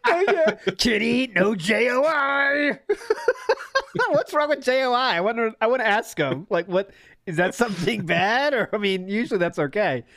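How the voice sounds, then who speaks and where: Excitable high-voiced male podcast host. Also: moderate pace, dry recording, studio quality. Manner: excitable, laughing, swearing banter. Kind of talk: casual comedic podcast chat.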